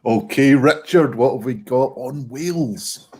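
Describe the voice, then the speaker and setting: A man's voice: medium pitch, measured pace, darkish tone, breathy edge. A British man hosting an online pun contest, announcing scores and calling on players in a jokey, casual way. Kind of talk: casual online comedy chat.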